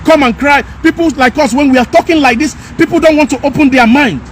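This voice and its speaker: Guy ranting outside, really high voice, keeps repeating himself, bit of traffic noise. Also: fast talker. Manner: emphatic, repetitive, scolding. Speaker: commentator. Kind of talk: impassioned rant.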